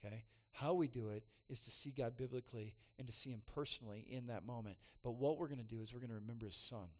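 Pastor, forties, male, mid-range voice, candid storytelling sermon with loud highs and quiet, tender lows. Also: fast. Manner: storytelling, self-mocking, animated with loud peaks and soft emotional drops.

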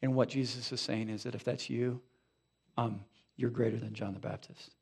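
A male pastor preaching a sermon in a church, animated and conversational, with frequent asides to the congregation. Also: mid-range voice, normal speed, vocal fry, breathy edge. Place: church sanctuary.

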